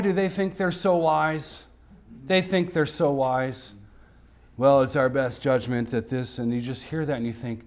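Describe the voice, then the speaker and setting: A male pastor preaching an expository sermon in a mid-pitched voice. He swings between forceful, raised exclamations and soft, lowered asides. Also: normal speed. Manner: emphatic, rising to sharp exclamations and dropping to quiet asides. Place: church sanctuary.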